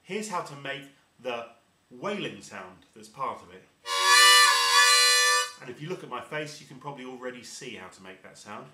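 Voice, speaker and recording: A man's voice: medium pitch, big pitch swings, moderate pace, far from the mic, over loud music. A man teaching harmonica step by step, patiently explaining and demonstrating each sound. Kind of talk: step-by-step instrument lesson. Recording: roomy echo.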